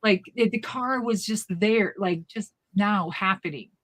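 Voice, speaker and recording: A woman co-hosting a live show, telling a rambling, animated family story in casual chat. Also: mid-range voice, measured pace. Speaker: co-host.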